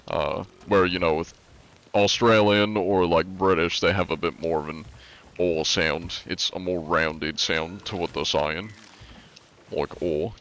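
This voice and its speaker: Laid-back deep-voiced American streamer. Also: male voice. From United States. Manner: laid-back, rambling, lots of likes and ums. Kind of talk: casual live-stream chat reading viewer comments.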